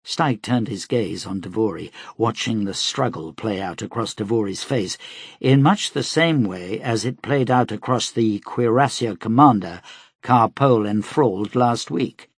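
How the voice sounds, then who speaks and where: Slow, gravelly male audiobook narrator. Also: on the low side, no room sound, clean studio sound. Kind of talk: scripted narration.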